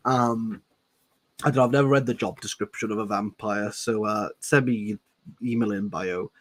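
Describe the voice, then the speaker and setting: A man's voice: lowish voice, steady tone, normal speed, no echo. A man reading a novel aloud and cracking sarcastic jokes between passages. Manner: sarcastic, jokey asides. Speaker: book reviewer.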